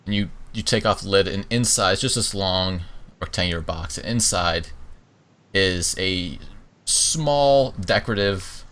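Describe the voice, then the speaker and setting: A man's voice: low voice, measured pace, fairly bright tone. A man narrating a tabletop game as its game master, in loose speech full of fillers.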